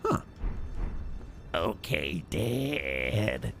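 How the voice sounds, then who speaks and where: Low-voiced, lively joking male streamer. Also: drawn-out words, faint music behind. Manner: jokey, rambling, muttering to himself. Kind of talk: casual gameplay commentary.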